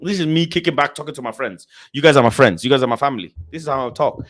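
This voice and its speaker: Speaking rapid-fire, this young football livestream host chats casually while going through viewer messages. His passion comes out in loud rants that alternate with quiet, muttered asides.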